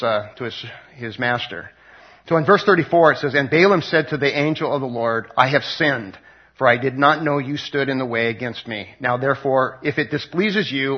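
A slightly rough, mid-range male voice walks through a Bible passage casually, reading the verses and paraphrasing them with many fillers and restarts. The audio is dull and lo-fi.

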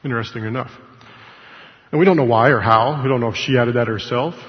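A man's voice: medium pitch, fast. A man teaching scripture informally, conversational, with asides and self-corrections. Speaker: Bible study teacher. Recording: echoey hall, dull lo-fi sound.

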